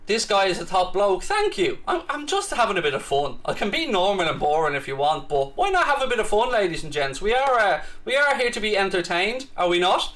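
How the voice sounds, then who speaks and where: Brief: Irish male stream host, high-pitched, swaggering and playfully teasing, casual live chat. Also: sing-song, fairly quick, few pauses, fairly bright tone. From Ireland. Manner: cocky, teasing banter with mock bravado. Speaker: livestream host. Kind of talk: casual live chat reading viewer comments.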